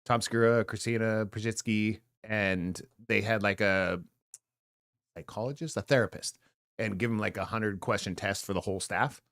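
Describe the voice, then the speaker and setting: A man's voice: lowish voice, normal speed, a bit bright, dry recording, clean studio sound. A middle-aged man co-hosting a casual podcast, chatting in a rambling, joking way and often trailing off mid-thought. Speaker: podcast co-host. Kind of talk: casual chat.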